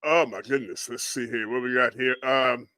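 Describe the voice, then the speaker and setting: A man from Florida hosting a livestream and commenting on storm damage photos, murmuring hushed, prayerful exclamations between his remarks. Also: mid-range voice, steady tone, moderate pace, clean tone, no room sound. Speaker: livestream host.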